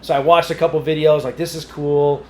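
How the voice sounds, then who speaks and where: A man's voice: a little high, fairly even intonation, brisk, darkish tone, a little hiss or hum. Laid-back young man in a roomy room. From New England. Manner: easygoing, self-deprecating, laughs often. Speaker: podcast guest, content creator. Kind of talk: casual interview chat.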